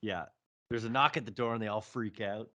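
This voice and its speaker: Man, low but bright voice, animated pitch, casual podcast recap, dry humor. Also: brisk. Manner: recaps the plot, dry jokes. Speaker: podcast co-host. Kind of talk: casual review podcast chat.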